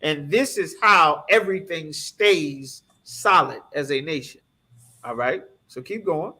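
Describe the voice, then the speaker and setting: Emphatic, high-voiced male preacher. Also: measured pace, bright, forceful tone. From United States. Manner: emphatic, streetwise preaching with rhetorical questions. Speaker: scripture class teacher. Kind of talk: preaching scripture breakdown.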